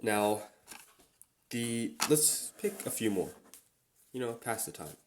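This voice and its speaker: A man hosting a relaxed solo chat, slowly repeating Japanese words as he teaches them. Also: medium pitch, background noise. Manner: relaxed, slow and repetitive when pronouncing words. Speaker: podcast host.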